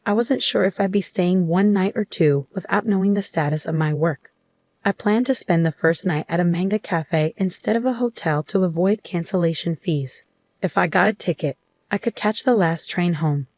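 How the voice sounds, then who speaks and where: A woman telling a first-person story in an even, measured way. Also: lowish voice, dry recording.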